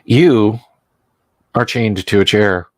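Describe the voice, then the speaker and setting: A man narrating a tabletop horror game as game master. He speaks slowly and deliberately, pausing on fillers. His voice sounds dry and close. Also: fairly low pitch, no room sound.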